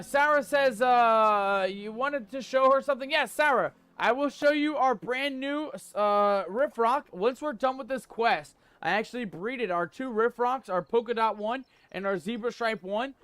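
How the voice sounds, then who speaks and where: A man's voice: very high voice, a bit bright, smooth, dry recording. A man commenting on his gameplay and chatting with viewers, with playful pirate-style banter. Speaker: gaming channel host.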